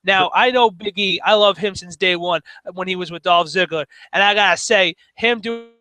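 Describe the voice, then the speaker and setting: High, bright-voiced excitable man. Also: normal speed, poor audio. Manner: excitable, jokey storyteller. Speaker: podcast co-host. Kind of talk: casual wrestling chat.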